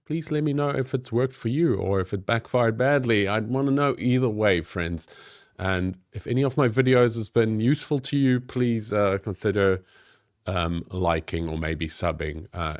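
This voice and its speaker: A man's voice: sits low, moderate pace, no room sound, clean studio sound. A man giving friendly, encouraging instructions for an improv exercise in a tips video. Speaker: game master and improv teacher.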